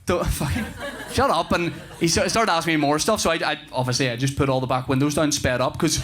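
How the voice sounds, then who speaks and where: A man in his thirties doing stand-up, telling stories about his young son with animated delivery and flustered swearing. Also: fairly high pitch, fast talker. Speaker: stand-up comedian. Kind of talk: stand-up comedy routine. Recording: noisy live stage recording.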